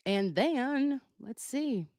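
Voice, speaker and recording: A woman's voice: high-pitched, animated, very slow, a little mellow, no room sound, studio quality. A woman hosting a casual live stream on a webcam, chatty and joking as she reads viewer messages aloud. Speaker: livestream commentator.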